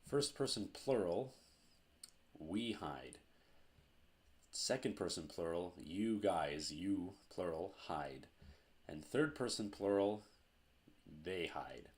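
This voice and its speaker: A man teaching a grammar lesson at a board, slow and deliberate, repeating each verb form. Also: sits low, animated, darkish tone.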